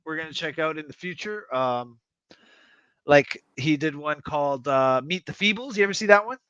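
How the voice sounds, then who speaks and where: A man's voice: fairly high pitch, expressive, normal speed, a bit bright, clear, resonant tone, no room sound, dull audio. A man co-hosting a podcast in casual chat, rambling and swearing freely with frequent laughs.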